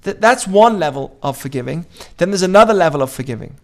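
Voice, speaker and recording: Man, Jewish teacher, fairly high voice, informal class, asks listeners questions, acts out quotes. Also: lively intonation, fast. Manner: conversational, asks the audience questions.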